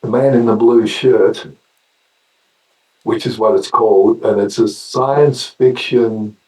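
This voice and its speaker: An older man with an Australian accent, a guest actor telling wry anecdotes in a casual interview, often halting and restarting. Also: mid-range voice, fairly even intonation, darkish tone, echoey room, recorded from a distance, poor audio.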